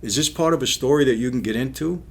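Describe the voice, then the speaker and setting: A man's voice: mid-range voice, fast talker, husky. A man giving an indignant, casual commentary on a film, firing off rhetorical questions. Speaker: film reviewer, former mob figure.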